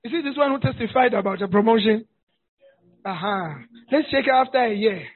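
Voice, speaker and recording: A man preaching a sermon as pastor, animated and humorous, often shouting for emphasis. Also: high-pitched, fairly quick, slightly rough. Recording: tinny phone-like sound.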